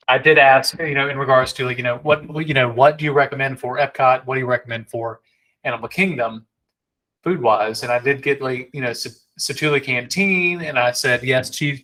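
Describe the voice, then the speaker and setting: A man's voice: mid-range voice, bright, forceful tone, low-quality recording. A man co-hosting a podcast, chatting casually with playful, teasing banter. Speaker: podcast co-host. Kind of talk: casual chat.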